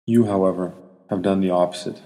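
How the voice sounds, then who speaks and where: Man voicing old monk-priest, soft and measured, deep, reverberant. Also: fairly even intonation. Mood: rebuking. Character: gentle elderly monk priest, stern when rebuking. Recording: long hall reverb.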